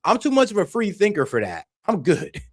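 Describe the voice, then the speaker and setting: A man's voice: high-pitched, wildly swooping pitch, fairly quick, breathy edge, no echo, clean studio sound. Passionate, ranting male streamer. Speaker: streamer hosting a reaction show. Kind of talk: heated reaction commentary.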